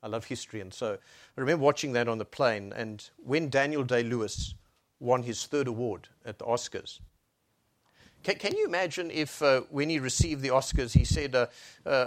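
A man preaching a sermon, swinging between soft hushed lines and loud raised exclamations. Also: medium pitch, moderate pace. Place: Brussels church.

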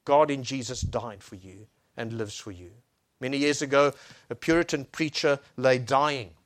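A man preaching a sermon, swinging between soft hushed lines and loud raised exclamations. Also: mid-range voice, moderate pace. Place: Brussels church.

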